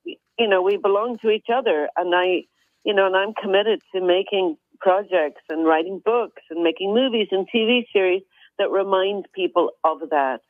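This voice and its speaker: A woman from Ireland, an interview guest speaking earnestly and gently. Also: medium pitch, normal speed, dry recording. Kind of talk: phone interview. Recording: dry tinny phone line.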